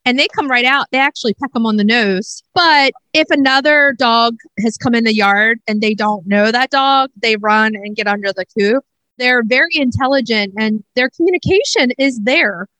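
A woman's voice: on the high side, normal speed, bright, forceful tone, dry recording. A woman co-hosting a podcast, chatting enthusiastically and laughing easily. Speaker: podcast co-host. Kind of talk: casual podcast chat.

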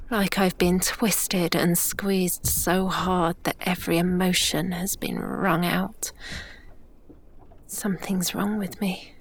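A woman reading a first-person story aloud in a hushed, breathy half-whisper. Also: mid-range voice. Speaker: audiobook narrator. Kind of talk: first-person dramatic narration.

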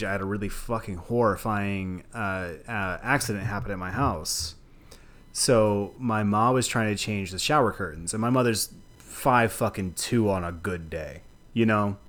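Animated, profane man chatting movies. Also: fairly low pitch. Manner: animated, profane, laughs often. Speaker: podcast co-host. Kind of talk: casual movie discussion.

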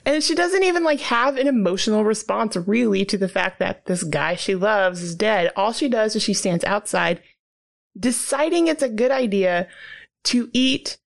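With a mid-range voice, vocal fry, and animated delivery at normal speed, a female podcast co-host talks casually about a movie she thought was poorly written. She laughs often and says "like" a lot.

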